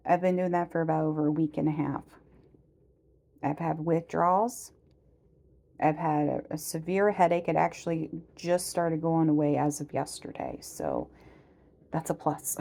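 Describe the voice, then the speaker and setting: A woman's voice: deep voice, creaky, darkish tone. A woman in her forties chatting casually in a personal vlog, rambling with many fillers and laughing at herself as she tells stories. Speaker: vlogger.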